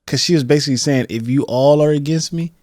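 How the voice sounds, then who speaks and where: A man's voice: fairly high pitch, fast talker, darkish tone, no room sound. A man co-hosting a podcast, mostly adding short reactions and quips in casual chat. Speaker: podcast co-host.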